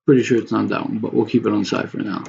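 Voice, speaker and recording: Dude rambling while he makes a beat, gravelly voice, hums the drums, slight hiss on a muffled mic. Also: on the low side, fairly even intonation, very fast. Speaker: music producer. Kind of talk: casual talk while making a beat.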